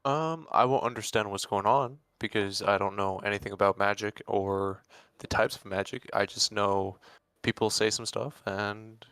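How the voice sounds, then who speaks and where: A man's voice: fairly low pitch, fairly even intonation, normal speed, hardly any pauses, a bit bright, clear, resonant tone, dry recording. A man playing a tabletop game, describing his character's moves plainly. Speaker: player. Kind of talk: casual role-play chat.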